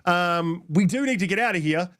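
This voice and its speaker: A man's voice: sits high, animated, normal speed, fairly bright tone. A man hosting a casual podcast, rambling with lots of ums and teasing banter. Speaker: podcast host. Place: home room.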